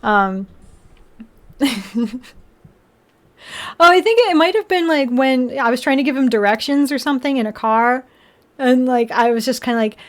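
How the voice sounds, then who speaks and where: Giggly high-voiced young woman streamer. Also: moderate pace, pauses often. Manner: chatty and giggly, full of "like" and restarts, baby-talks to her pets. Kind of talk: casual live-stream chat.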